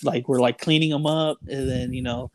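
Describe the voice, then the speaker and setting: A man's voice: mid-range voice, fairly even intonation, moderate pace, no echo. A young man telling a story in casual chat, rambling with lots of "like", "dude" and "bro". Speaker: storyteller guest.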